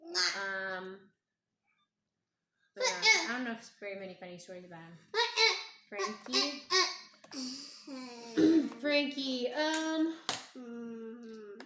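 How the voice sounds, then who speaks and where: Hoarse mother telling family stories. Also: a little high, lively intonation. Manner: gentle, unhurried, thinking aloud with hums and pauses. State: hoarse, strained voice. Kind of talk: casual storytelling to her child. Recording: echoey room with clear background noise.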